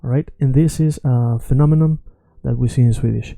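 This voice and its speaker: Gravelly-voiced man teaching pronunciation. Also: medium pitch, steady tone, warm tone, no room sound, faint music behind. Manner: repeats words slowly to model pronunciation. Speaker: language teacher. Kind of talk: pronunciation lesson.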